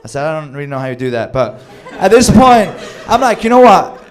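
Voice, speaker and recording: A man telling a wild personal story with animated delivery, acting out quoted lines and swearing freely. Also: a little high, fairly quick. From Sweden. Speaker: storyteller on a comedy show. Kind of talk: live comedic storytelling.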